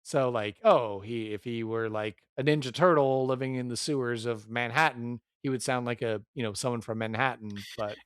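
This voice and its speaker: A man's voice: mid-range voice, moderate pace, few pauses, clean tone, no room sound, studio quality. A man running a tabletop game, chatting casually and rambling with many fillers as he brainstorms a character. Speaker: game master.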